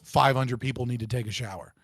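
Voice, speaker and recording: A man's voice: medium pitch, fast, a bit bright, dry recording, clean studio sound. A man co-hosting a casual chat show, joking and swearing freely. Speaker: show co-host.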